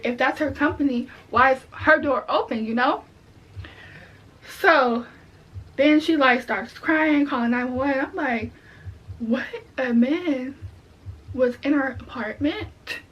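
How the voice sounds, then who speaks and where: A young woman telling a story in a casual vlog, animated and indignant. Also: high-pitched. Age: young adult. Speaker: vlogger. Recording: dull lo-fi audio.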